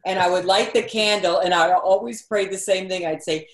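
A woman from Massachusetts, a comedic actress and author, telling stories as an interview guest with lively acted-out quotes. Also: on the low side, normal speed, hardly any pauses, echoey room. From Quincy, Massachusetts. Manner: lively storyteller, acts out quotes. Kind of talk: storytelling in an interview.

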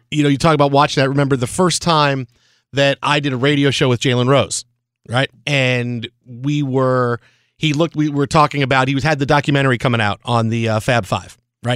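A middle-aged man co-hosting a sports radio show, telling a story in an animated, lively way. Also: medium pitch, dry recording, studio quality. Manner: animated storyteller, acts out quotes. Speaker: radio co-host. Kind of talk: casual sports radio chat.

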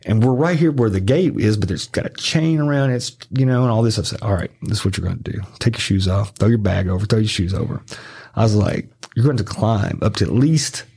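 A man, a podcast guest telling profane, animated stories and acting out the voices of the people in them. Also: fairly low pitch, brisk, gravelly, breathy edge. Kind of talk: casual storytelling.

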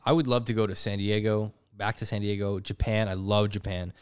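A man with a Canadian accent hosting a casual podcast chat, joking and animated, quick to laugh. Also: fairly low pitch, clear, resonant tone, no room sound, clean studio sound. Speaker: podcast host.

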